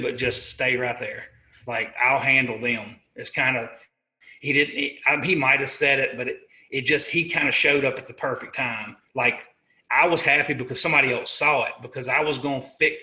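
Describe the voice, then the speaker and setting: A middle-aged man from the United States, a sergeant being interviewed, telling a personal war story in an earnest, halting way, often restarting and correcting himself. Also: medium pitch, sharp tone. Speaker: interview guest, army sergeant.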